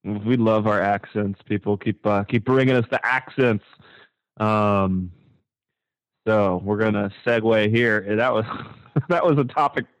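A man co-hosting a casual talk show, animated and sarcastic, his voice leaping high when he mocks something. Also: unhurried, no echo, rough recording. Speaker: podcast co-host.

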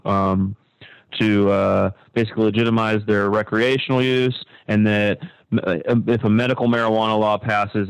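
A man co-hosting a casual talk show, animated and sarcastic, his voice leaping high when he mocks something. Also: smooth, dry recording, low-quality recording. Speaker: podcast co-host.

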